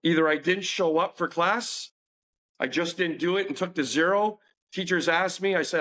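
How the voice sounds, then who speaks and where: A man's voice: a little high, moderate pace, fairly bright tone. A man telling a personal story as a podcast guest, earnest and confessional, acting out the dialogue he quotes.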